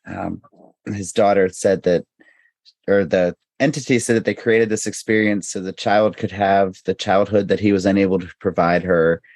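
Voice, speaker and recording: A man's voice: low voice, steady tone, moderate pace, a little mellow, dry recording. A man chatting as a podcast guest, earnest and questioning, often restarting his sentences. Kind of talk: casual podcast chat.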